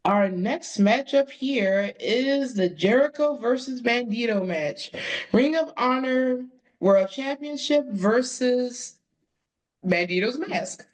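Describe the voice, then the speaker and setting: A woman's voice: a little high, lively intonation, slow, poor audio. A young woman co-hosting a podcast, laid-back and casual as she introduces the next matches. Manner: laid-back, steering the talk. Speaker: podcast co-host.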